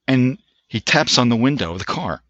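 An older American man, an army veteran, recounting an anecdote in a bright, forceful voice. He stops and restarts his phrases as he goes. The audio is dry and a bit muffled. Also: medium pitch, animated, no room sound. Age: 60s. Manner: halting, restarts phrases, leans on filler phrases. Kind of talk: casual anecdotal storytelling.

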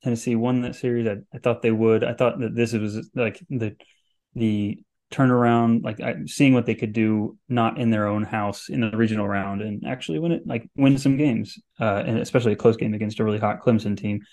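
Mellow-voiced man rambling about baseball. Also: on the low side, fairly even intonation, fairly quick. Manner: rambling, many "like" fillers. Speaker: podcast co-host. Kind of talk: casual sports chat.

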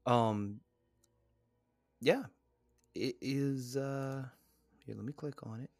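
A man's voice: mid-range voice, takes it slowly, darkish tone, dry recording. A man co-hosting a casual podcast, rambling and self-deprecating as he reads notes aloud and riffs on them. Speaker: podcast co-host.

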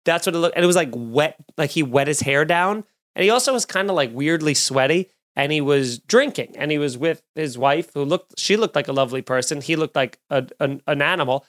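A man, a comedian hosting a podcast, telling a story in a casual, animated way and acting out the other people's lines. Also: on the high side, brisk. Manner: animated, acts out quoted voices.

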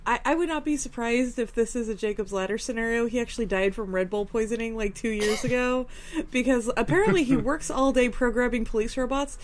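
A slightly high-voiced woman riffing on a film with friends. She jokes, laughs often and throws in quick asides, in an easy, casual chat. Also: slight background noise. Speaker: podcast co-host. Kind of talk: casual movie discussion.

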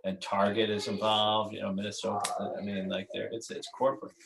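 A man's voice: fairly low pitch, little pitch movement, a little fast, vocal fry, noisy background. A man who is a writer and creator, talking as a podcast guest in a casual, rambling way with many restarts. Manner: rambling, restarts, laughs at his own jokes.

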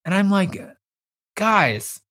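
A man hosting a casual recap chat, lively, acting out quotes and swearing freely. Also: high voice, extremely slow. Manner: animated, acts out quotes, swears. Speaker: podcast host.

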